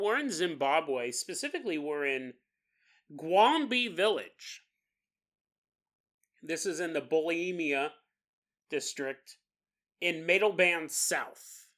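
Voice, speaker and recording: A male podcast host, spinning a story casually and jumping in and out of silly character voices. His voice is bright and crisp, and his pitch swings widely. He laughs often as he goes.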